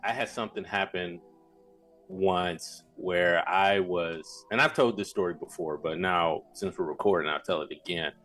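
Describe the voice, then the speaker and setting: Low-voiced man telling a spooky story. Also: normal speed, faint music behind. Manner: rambling, animated storyteller. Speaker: podcast co-host. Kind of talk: casual chat, telling a story.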